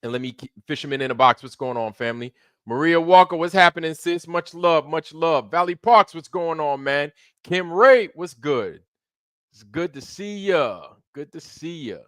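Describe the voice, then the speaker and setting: A man hosting a livestream in loose, slangy casual chat, shouting out viewers by name. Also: on the high side, expressive, normal speed, no room sound, studio quality. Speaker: livestream host.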